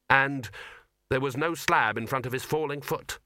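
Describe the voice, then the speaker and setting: A man reading an audiobook as narrator, in a measured, dry storytelling manner. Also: medium pitch, pushed and bright, dry recording. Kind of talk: scripted narration.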